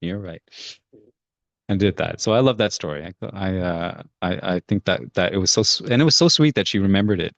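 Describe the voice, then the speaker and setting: A man's voice: deep voice, expressive, fast, creaky, few pauses, a bit bright, no echo, lo-fi sound. A man presenting a parenting workshop in a casual, chatty way, full of fillers like "like" and "right?". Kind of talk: casual guided workshop talk.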